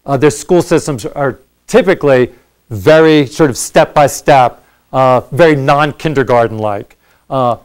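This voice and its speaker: A man's voice: a little high, smooth. A middle-aged man answering audience questions after a university lecture, explaining in a conversational way with frequent fillers and restarts.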